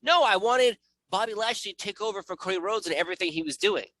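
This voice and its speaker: A man co-hosting a casual chat show, ranting in an excitable, animated way with jokey voices. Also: high-pitched, fast talker, dry recording. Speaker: podcast host.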